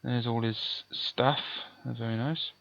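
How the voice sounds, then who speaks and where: A slow, unhurried man plays through a gamebook, reading passages aloud and then chatting through his dice rolls. His tone stays calm with small self-mocking asides. The recording is dull and lo-fi, with a dry, close sound. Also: mid-range voice, gravelly, dry recording. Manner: mild self-deprecating asides. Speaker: let's play host. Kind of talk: gamebook playthrough with read-aloud narration.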